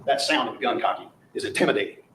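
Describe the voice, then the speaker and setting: Emphatic prosecutor in an echoey courtroom. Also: male voice, medium pitch, very fast, a bit bright. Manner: emphatic, rhetorical, repeats phrases for effect. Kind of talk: courtroom closing argument. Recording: echoey courtroom audio with faint noise.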